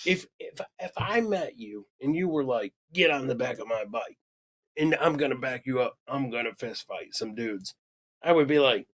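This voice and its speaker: Podcast guy reacting loud, swearing, acting out quotes, medium pitched voice. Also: moderate pace. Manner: animated, swears, acts out quotes. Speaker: podcast co-host. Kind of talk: casual chat.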